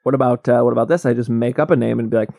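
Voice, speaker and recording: A man who co-hosts a casual comedy podcast, delivering absurd theories in a deadpan way. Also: medium pitch, racing, creaky, no room sound, clean studio sound.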